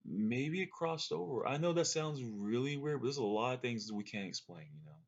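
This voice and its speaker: A man's voice: medium pitch, lively intonation, fairly quick, highs cut off. A man telling a long, rambling story to camera in a casual way, with fillers and restarts. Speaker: vlogger recounting a dream.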